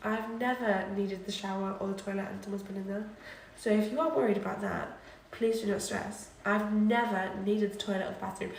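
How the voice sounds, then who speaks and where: A woman's voice: mid-range voice, gravelly, distant mic. Drunk young woman, rambling streamer chat, roomy echo, faint background hum. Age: young adult. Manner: rambling, chatty, tipsy, trails off and repeats herself. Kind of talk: casual drunk livestream chat. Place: student flat kitchen. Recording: echoey room, voice off-mic at times.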